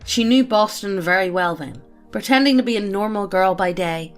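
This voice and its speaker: A woman's voice: mid-range voice, lively intonation, moderate pace, soft background music. A woman reading out a character backstory among friends, often breaking into laughter. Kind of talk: reading a backstory aloud with banter.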